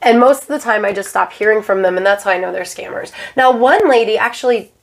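A woman's voice: medium pitch, fast talker, vocal fry. A woman co-hosting a podcast on tarot, chatting casually with many fillers and playing out quoted exchanges. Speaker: podcast co-host, tarot reader. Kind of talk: casual chat.

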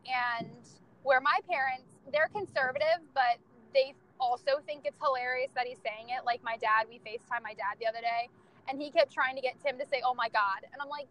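A woman's voice: sits high, bright, forceful tone, low-quality recording. A young woman telling candid, profane stories about her family in casual chat, laughing often.

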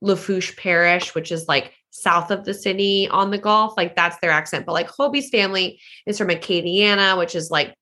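A woman's voice: on the low side, normal speed, hardly any pauses, sharp tone. A woman who works as a team broadcaster, talking as a guest on a podcast in a chatty way, full of "like" fillers. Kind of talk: casual podcast interview.

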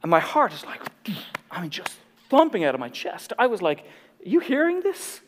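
An Irish man in his forties, a pastor telling his own story in a sermon with animated, self-deprecating humor. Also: sits high, a little fast, in a large hall. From Ireland.

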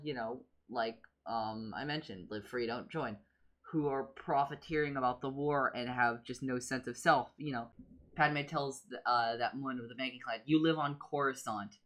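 Woman cohosting a podcast, animated and jokey, casual chat, quotes lines in funny voices. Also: extremely low pitch, moderate pace. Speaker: podcast co-host.

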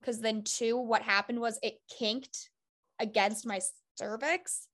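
A woman's voice: a little high, fairly even intonation, slow pace, a bit bright. A woman hosting a podcast, chatting casually, encouraging her guest and offering advice. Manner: encouraging, affirming, gives advice. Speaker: podcast host. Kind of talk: casual supportive chat.

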